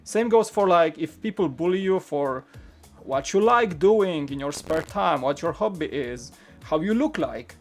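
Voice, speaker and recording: A man's voice: on the high side, expressive, measured pace, faint music behind. Chatty man hosting a LEGO live stream. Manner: chatty, rambling, with frequent restarts. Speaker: LEGO channel host. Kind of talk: live-stream building chat.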